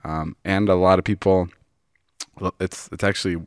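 A man hosting a podcast in a studio, telling a story in an excitable, casual way, swearing often and using lots of fillers. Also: sits low, moderate pace, clear, resonant tone, no room sound. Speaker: podcast host. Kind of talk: casual chat.

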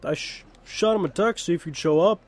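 A man voicing an exasperated grown-up brother who talks loudly and pleads. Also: high voice, brisk, voice pushed up. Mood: cheerful.

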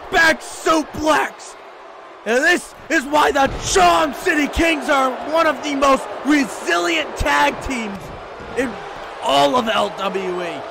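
A man giving excitable play-by-play commentary over his own video game wrestling show, shouting, pleading and gasping at the action. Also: very high voice, gravelly. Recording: loud game crowd noise behind. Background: video game arena crowd.

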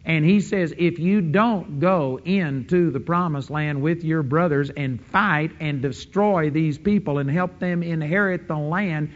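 A man preaching a sermon, emphatic, breaking into quick offhand asides. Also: a little high. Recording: dull lo-fi sound with long hall reverb.

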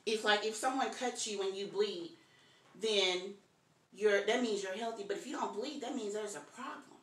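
Woman Bible study teacher, mid-pitched, earnest casual sermon, echoey room sound. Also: a bit bright. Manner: earnest, conversational preaching with repeated phrases.

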